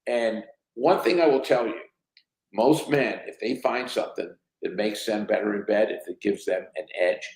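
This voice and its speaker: A man's voice: on the low side, moderate pace. A man in his sixties, a company chief executive telling anecdotes as a podcast guest, who acts out the dialogue of his stories. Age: 60s. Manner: animated storyteller who acts out quoted dialogue. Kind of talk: anecdotal storytelling in a podcast interview. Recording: roomy echo.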